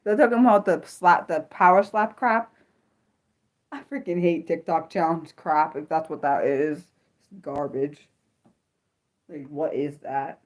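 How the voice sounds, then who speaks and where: A woman from the United States hosting an unscripted livestream, chatting excitably and reacting to viewer comments. She often restarts her sentences, blurts out exclamations and lets slip mild curses. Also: low voice, a little slow, pauses often. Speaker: livestream host.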